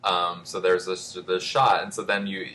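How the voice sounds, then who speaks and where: A man's voice: sits low, little pitch movement, normal speed, bright, forceful tone, a little hiss or hum. A man hosting a casual film podcast, rambling and self-deprecating, restarting his thoughts as he goes. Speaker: podcast host.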